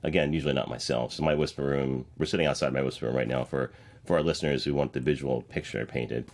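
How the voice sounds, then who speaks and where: A man in his forties hosting a podcast, interviewing a guest in a friendly, joking, relaxed way. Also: rumbling low, fast. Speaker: podcast host.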